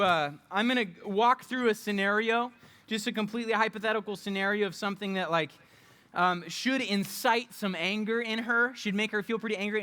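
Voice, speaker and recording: A youth pastor leading an interactive youth group session. The voice is bright and playful. They coach volunteers through a skit with easy humor. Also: medium pitch.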